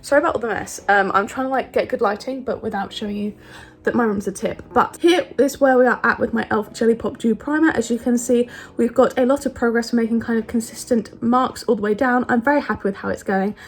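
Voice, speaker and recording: A woman's voice: on the high side, quick pace. A young woman in her twenties chatting casually about her makeup in her bedroom, upbeat and full of fillers, recorded on her phone. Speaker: beauty vlogger. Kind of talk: casual chatty product review. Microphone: phone camera.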